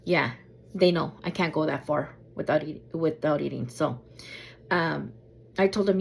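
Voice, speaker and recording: A woman vlogger telling a travel story in a casual way, acting out what people said with a high, lively voice. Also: unhurried, vocal fry. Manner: animated, acts out quotes in a high voice.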